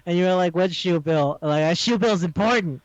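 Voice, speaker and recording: A man's voice: sits high, brisk, dry recording, highs cut off. A man co-hosting a podcast, animatedly retelling an anime episode and acting out the lines with frequent laughs. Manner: animated storytelling, acts out quotes, laughs often. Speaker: podcast co-host. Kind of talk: casual chat recapping an anime.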